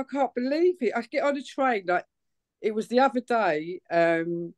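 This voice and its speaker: A woman from England giving a personal testimony at church, telling it in an excitable, chatty way with many fillers. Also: fairly high pitch, normal speed.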